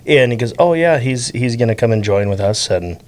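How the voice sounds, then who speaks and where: Male podcast host, lively storyteller. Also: medium pitch, fairly quick. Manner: animated storyteller, laughs while talking. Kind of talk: casual podcast interview.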